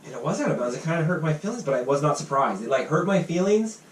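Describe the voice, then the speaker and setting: A man talks fast and heatedly on a casual podcast. He is a little distant from the mic, and the room echoes. Faint ambience sits behind him. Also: on the high side, sing-song. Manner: fast, heated storytelling with quoted voices and swearing. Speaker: podcast host.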